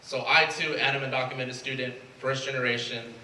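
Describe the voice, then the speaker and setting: A man's voice: medium pitch, steady tone, fairly quick, pushed and bright, echoey room, slight background noise. Brief: young male student leader from Mexico, earnest prepared remarks, far mic, faint ambience. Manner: emotional, earnest, reading a prepared speech. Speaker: student club president. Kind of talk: prepared speech. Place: event space at a college.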